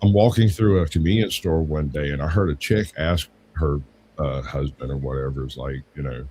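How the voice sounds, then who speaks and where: Deep-voiced man telling rambling stories. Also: expressive, fast talker, a little mellow, slight background noise, rough recording. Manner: rambling anecdotes with acted quotes. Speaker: podcast co-host. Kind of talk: casual storytelling chat.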